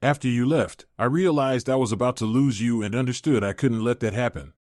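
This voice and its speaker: A man's voice: medium pitch, fairly quick, darkish tone, no room sound, natural voice. A man voicing a remorseful young fiancé who pleads and insists on being heard. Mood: pleading.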